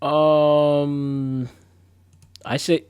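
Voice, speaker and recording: A man's voice: on the high side, level tone, extremely slow, a little mellow, smooth, no echo. A young man on a live stream, chatting casually and rambling in a laid-back, slangy, self-mocking way as he reads quiz questions aloud.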